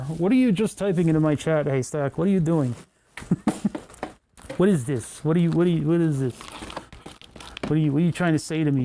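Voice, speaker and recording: Dude rambling on his stream while fixing stuff, kinda high voice, keeps roasting himself. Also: dark tone, a little hiss or hum. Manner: rambling, self-mocking, thinking aloud. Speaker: livestream host. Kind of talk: casual livestream chat while repairing electronics.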